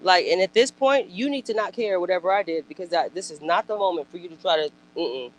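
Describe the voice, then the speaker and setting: Speaking a little fast in a voice on the low side, this woman gives casual commentary over poor audio. Her reactions are blunt, emphatic, and frequently profane, full of lively outbursts and rhetorical questions.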